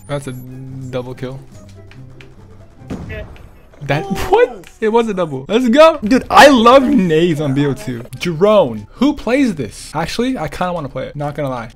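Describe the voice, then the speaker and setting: Excitable man calling gameplay, lively voice. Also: fairly high pitch, measured pace, faint music behind. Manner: excitable, laughs a lot, shouts at big plays. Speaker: gaming YouTuber. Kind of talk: casual gameplay commentary.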